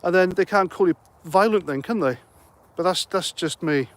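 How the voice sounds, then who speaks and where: Slightly out of breath, a middle-aged man hosting a casual stream works through viewer comments with jokey, meandering chatter. His voice sits high and he keeps a moderate pace.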